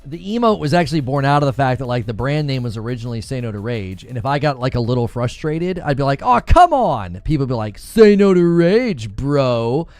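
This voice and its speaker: A man's voice: mid-range voice, expressive, fast talker, hardly any pauses, a little mellow, no echo, soft background music. A man hosting a livestream, chatting casually and joking with his chat, laughing often and reading comments aloud. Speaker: livestream host.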